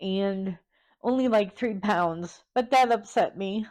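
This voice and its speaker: A woman vlogger talking candidly and hesitantly, pausing often and close to tears. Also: medium pitch, darkish tone. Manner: halting and hesitant, many pauses; openly vulnerable, close to tears. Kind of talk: candid personal vlog.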